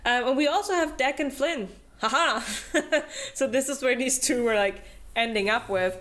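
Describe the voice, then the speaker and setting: A woman's voice: high voice, normal speed, fairly bright tone. A young woman hosting a book club, recapping a novel in casual chat, full of fillers and acted-out quotes. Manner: chatty, filler-heavy, acts out character quotes with laughs.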